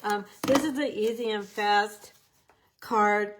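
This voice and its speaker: A woman's voice: mid-range voice, fairly even intonation, slow pace, background noise. A woman giving a casual, upbeat craft tutorial, chatting as she works with her hands. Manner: chatty, upbeat, talks while working with hands. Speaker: papercraft demonstrator.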